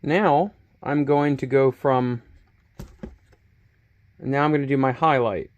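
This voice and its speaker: A man hosting a laid-back painting tutorial, chatting and joking about himself as he thinks aloud close to the camera microphone. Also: medium pitch. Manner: chatty, self-mocking, thinks aloud while working. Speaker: hobby painting channel host. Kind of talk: relaxed painting tutorial talk. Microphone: camera microphone close to his face.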